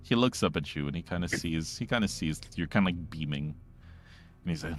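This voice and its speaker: A man narrating as game master, in a casual, halting style with many fillers. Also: low-pitched, lively intonation, soft background music.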